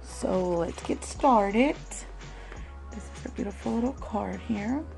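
A woman hosting a craft swap unboxing vlog at home, talking slowly and gently and calling viewers "love" again and again. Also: medium pitch, gravelly, soft background music, poor audio. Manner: slow, gentle, calls viewers "love" often.

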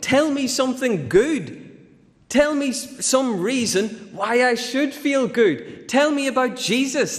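A man voicing a groggy, exasperated male churchgoer who fires off indignant rhetorical questions, his voice climbing high. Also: fairly bright tone, exaggerated voice. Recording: long church reverb.

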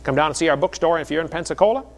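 A man's voice: on the high side, very fast. A middle-aged man preaching a sermon in a folksy storytelling way, with jokes between the stories. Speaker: creationist speaker.

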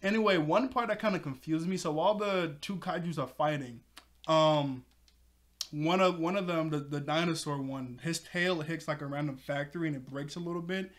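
A man recapping a cartoon episode in casual chat, excitable and chatty, laughing often. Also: a little high, moderate pace.

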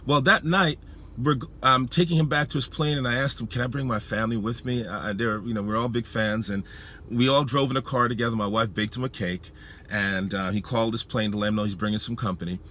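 A man preaching, telling a personal story in an emotional, halting way, often repeating his words. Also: medium pitch, steady tone, a bit bright, slight background noise. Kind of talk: sermon storytelling.

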